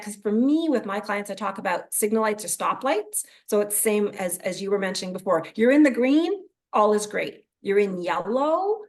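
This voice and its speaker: A middle-aged woman who works as a mental performance coach chats casually in an interview with a mid-range voice. She acts out inner thoughts in lively quoted voices.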